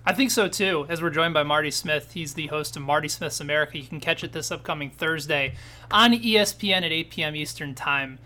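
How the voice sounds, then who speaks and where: Man, interview host, bright forceful tone, long earnest questions. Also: on the high side, fairly quick.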